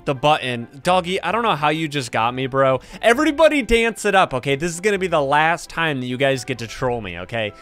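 A young man giving excited gameplay commentary, trash-talking other players and laughing often. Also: a little high. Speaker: gaming YouTuber.

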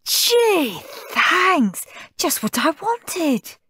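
A woman voicing a cheeky, mischievous young boy who is loud, boastful and gleeful. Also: very high-pitched, very animated, drawn-out words, no room sound, voice pushed up, heavily acted.

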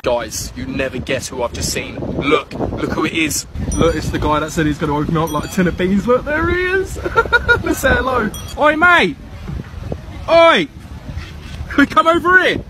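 A man's voice: fairly high pitch, big pitch swings, moderate pace, few pauses. A young British man pulling a street prank, cheeky and mocking as he goads someone outdoors. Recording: loud street traffic noise.

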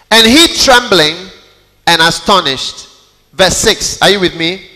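A male pastor preaches a dramatic sermon in a high, bright, forceful voice, dropping to near whispers and rising to loud calls as he acts out scripture. His words ring through a large church hall with a long reverb. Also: animated, slow. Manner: dramatic, swinging from hushed to loud, acting out quotes.

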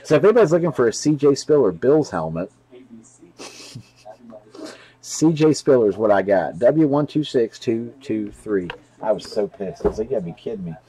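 A man's voice: medium pitch, lively intonation, unhurried, dark tone, husky, poor audio. A man hosting a live sports card break, rambling and chatty, talking straight to viewers and cursing freely. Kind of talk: casual live-stream chat.

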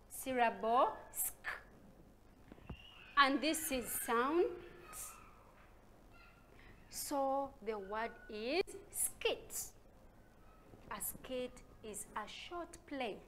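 A Ugandan woman teaches young children to read at a very slow pace, stretching each syllable and punching out single sounds loudly. Her voice sits a little high. A faint noise runs under the recording. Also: animated. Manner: slow, sounds out syllables with loud stressed calls. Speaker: primary school teacher.

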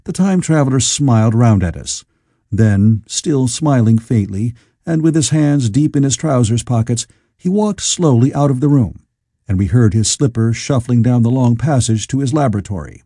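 A male audiobook narrator reads in a measured, expressive way. His voice is mellow and slightly husky, with a lively pitch. The recording is dry and close. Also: no room sound. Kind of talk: scripted narration.

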